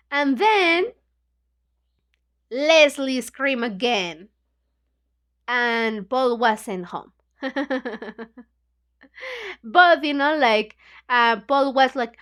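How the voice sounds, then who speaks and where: A woman's voice: on the high side, slow, a bit bright, clear, resonant tone. Chatty woman teacher. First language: Spanish. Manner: chatty, says "you know, like" constantly, acts out lines. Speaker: English book club teacher. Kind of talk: retelling a story for learners.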